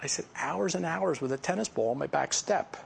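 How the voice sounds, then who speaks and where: A man's voice: fairly high pitch, brisk, gravelly, a little hiss or hum. A male pastor giving a casual, story-filled sermon, teaching from a Bible passage with folksy asides and chuckles. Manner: conversational, folksy, laughs at own stories. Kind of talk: sermon with personal stories.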